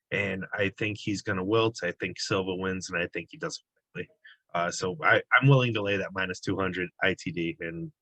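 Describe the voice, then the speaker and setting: A man's voice: lowish voice, sharp tone, no room sound, low-quality recording. A man giving sports betting analysis in a casual, conversational way, with frequent fillers and restarts.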